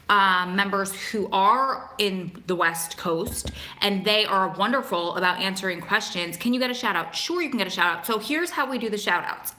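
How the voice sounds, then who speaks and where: A woman's voice: medium pitch, sharp tone. A young woman hosting a casual livestream, chatting with viewers by name and reading aloud to them. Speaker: host of a livestream for prison families. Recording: echoey room.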